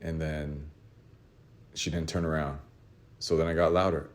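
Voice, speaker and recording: Low-voiced man rambling through a story. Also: level tone, unhurried. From Los Angeles area. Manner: rambling, self-mocking, with laughs and shouted re-enactments. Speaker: artist telling a story to his audience. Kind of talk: casual storytelling monologue.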